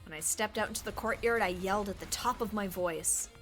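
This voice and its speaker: Playful and quick to laugh, a woman streaming a game performs its lines dramatically and jokes as she goes. She speaks briskly at a medium pitch with a bit of brightness, while faint music plays behind her.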